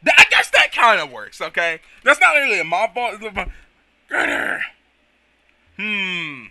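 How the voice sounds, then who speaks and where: A man hosts a casual let's play, rambling excitably and teasing himself. His voice is high and bright with lively pitch, recorded dry and close. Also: fairly quick, dry recording. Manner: excitable, rambling, self-mocking. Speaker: gaming video host.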